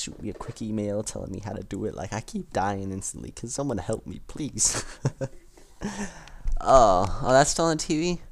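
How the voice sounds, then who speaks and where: A man hosting a solo podcast, rambling casually with lots of fillers and quick laughing asides. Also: fairly low pitch, vocal fry, a little hiss or hum. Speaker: podcast host.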